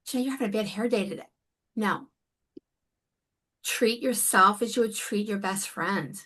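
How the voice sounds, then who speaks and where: Bright-voiced woman, earnest coach. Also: mid-range voice. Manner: earnest, emotional, emphatic. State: near tears. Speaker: guest, life coach. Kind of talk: conversational interview.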